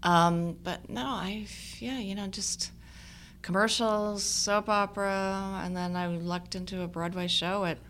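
A woman's voice: medium pitch, a little slow, a little hiss or hum. A woman in her sixties telling stories as an actress guest in a casual interview, laughing often. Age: 60s. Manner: animated storytelling, laughing often.

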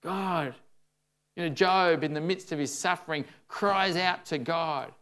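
A man's voice: fairly high pitch, moderate pace, a bit bright, smooth. A man preaching a sermon in a conversational way, often saying "you know" and acting out the lines he quotes.

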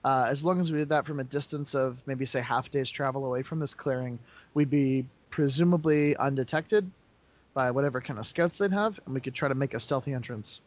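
A man's voice: medium pitch, brisk, highs cut off. A man playing in a tabletop role-play, thinking out his plans aloud with many hesitant fillers. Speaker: player.

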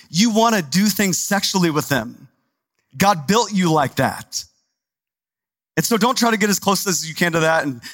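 High-voiced pastor preaching, dry sound. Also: male voice, a bit bright, no echo. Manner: conversational, emphatic, repeats words for stress. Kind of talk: sermon.

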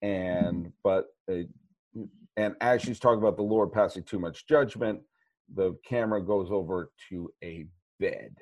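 A man hosting a sports podcast, talking through a film in a rambling, animated way with many restarts. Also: deep voice, a little slow. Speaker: podcast host. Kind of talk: casual movie chat.

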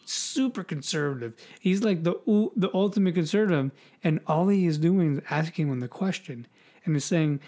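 A man with a slightly high, warm voice and lively intonation co-hosts a podcast at a normal speed. He rambles casually about politics, mocking as he goes, repeating words and swearing freely.

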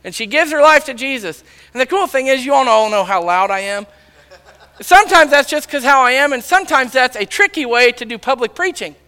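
A man preaching a sermon, loudly telling stories and acting out the dialogue. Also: extremely high pitch, expressive, a little fast, smooth. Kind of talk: sermon storytelling. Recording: long reverb of a large hall.

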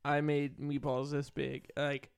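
A brash young man, trading crude, teasing banter in casual chat. His voice sits slightly high, clear, with a gravelly fry underneath. It is recorded dry and close. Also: monotone, takes it slowly, no room sound.

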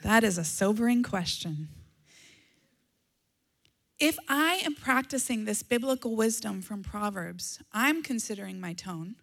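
A woman preaching a sermon alongside her husband, measured and earnest, with dry humor. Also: medium pitch, creaky. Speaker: pastor.

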